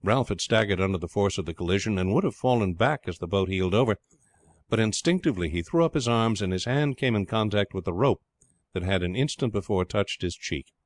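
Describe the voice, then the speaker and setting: A man narrating an adventure novel with a steady, measured reading. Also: fairly low pitch, dry recording. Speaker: audiobook narrator. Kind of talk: scripted narration.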